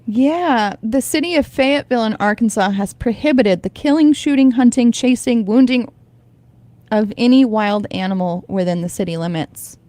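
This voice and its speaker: A woman's voice: fairly high pitch, moderate pace, warm tone, no room sound. A woman hosting a radio morning show, chatting casually and reading items aloud with frequent laughter. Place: radio studio. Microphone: studio microphone.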